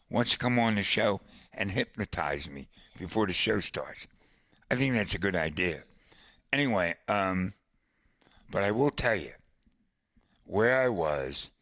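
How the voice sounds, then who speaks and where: A man with a lowish voice spins a casual story at a slow, easy pace, breaking off for asides to a friend in the room. The sound is dry and close, with no room around it. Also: fairly bright tone, no echo. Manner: conversational, colorful storyteller with asides. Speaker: podcast host.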